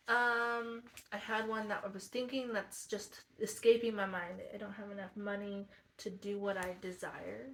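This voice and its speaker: Soft-spoken young woman, thinking aloud. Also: mid-range voice, gravelly, a little hiss or hum. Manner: addresses viewers directly and earnestly. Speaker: self-help vlogger. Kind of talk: reflective personal vlog.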